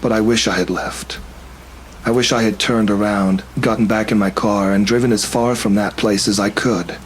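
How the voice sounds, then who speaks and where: A man narrating a first-person horror story in a steady, tense storytelling manner. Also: fairly low pitch, moderate pace, slightly rough, poor audio.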